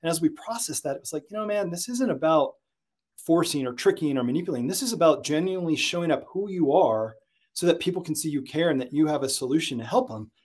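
Guy on a sales podcast telling stories, kinda high voice, gets loud n excited. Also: fast talker. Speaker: sales consultant and author, guest. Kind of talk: podcast interview, storytelling.

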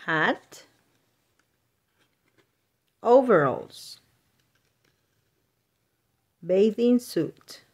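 Slow, lively woman reading to children. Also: medium pitch. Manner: names words one at a time with pauses, playful animal sounds. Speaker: storytime channel host. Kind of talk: reading a children's picture book aloud.

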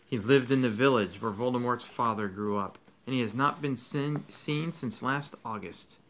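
A man reading aloud, voicing a calm, wise old male headmaster in a soft, slow, measured way. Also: mid-range voice, a little hiss or hum, close to an everyday voice. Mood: grave.

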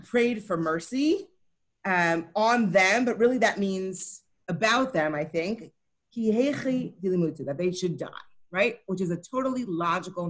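A woman teaching a Talmud study session, explaining each line and often checking in with her listeners. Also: lowish voice. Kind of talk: co-taught text study session.

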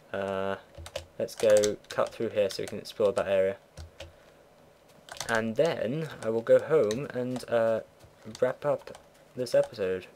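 A man's voice: fairly low pitch, darkish tone, a little hiss or hum. A teenage boy casually commentating his own gameplay, rambling and chatty, swearing offhand, at a home computer. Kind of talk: casual let's play commentary.

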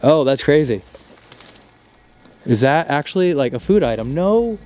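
A man hosting a paranormal investigation, talking excitedly and insistently outdoors at night and often repeating himself. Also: on the high side, measured pace, highs cut off. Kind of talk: excited on-location commentary.

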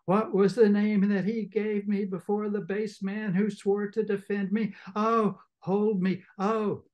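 A man's voice: little pitch movement, measured pace, darkish tone. A man putting on a shrieking furious wife. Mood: shrieking fury. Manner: shrill, screaming. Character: shrieking enraged village wife, working herself into fury.

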